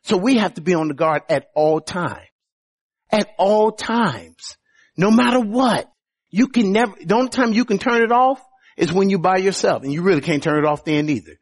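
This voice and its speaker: A man preaching a sermon, teaching through scripture verses, often opening phrases with "oh" and climbing to emphatic highs. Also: brisk. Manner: lively preaching, rising to emphatic highs, many "oh" openers.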